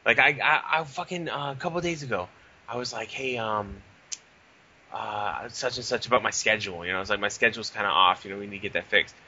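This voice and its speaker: Profane, animated young podcast host, man. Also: lowish voice, quick pace, muffled recording, a little hiss or hum. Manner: profane, animated storytelling with quoted dialogue. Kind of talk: casual podcast chat.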